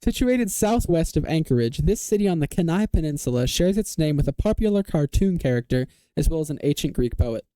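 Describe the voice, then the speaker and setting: A man hosting a casual online quiz game, reading clues aloud and confirming answers with a quick "yes, sir". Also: fairly high pitch, lively intonation, dark tone, smooth, no room sound. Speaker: quiz show host.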